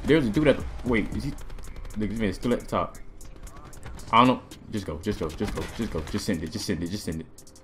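A young man giving excited gameplay commentary as a gaming video host, loud and jumpy, repeating himself in bursts. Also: fairly low pitch, fairly quick, long pauses. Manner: hyped, loud outbursts, repeats phrases, laughing. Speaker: gaming YouTuber. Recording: faint music and gunfire behind.

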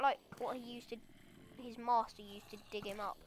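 Excitable woman narrating gameplay. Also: on the high side, moderate pace, a little hiss or hum. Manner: excitable, chatters at the game's monsters. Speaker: gamer. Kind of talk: let's play commentary.

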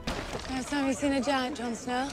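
A woman's voice: high-pitched, steady tone, a little slow, soft background music. Teasing northern wildling woman. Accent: northern English. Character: spirited young wildling woman. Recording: film audio with loud score.

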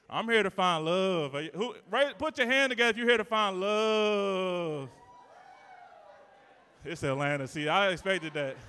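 A man hosting a live event, working the crowd in a loud, teasing, playful way with sudden shouts. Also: sits high, smooth. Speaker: event host and emcee. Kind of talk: live hype emcee to a crowd. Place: live event venue indoors. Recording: long reverb of a big event hall.

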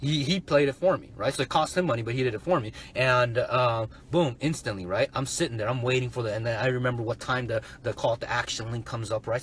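A man telling a casual story about a sales webinar in an animated way, often checking in with "right?". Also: medium pitch, slight background noise. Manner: animated, keeps asking "right?". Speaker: online entrepreneur.

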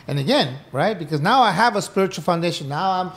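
A man's voice: on the high side, fast, a little hiss or hum. A middle-aged man, a podcast guest, tells his story in casual interview talk, acting out old conversations and swearing freely. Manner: animated, acts out quoted dialogue, swears casually. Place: indoor podcast room.

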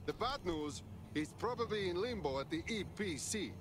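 A man's voice: high voice, lively intonation, moderate pace. An actor voicing a blunt, matter-of-fact male hacker ally in a video game. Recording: game audio with background noise.

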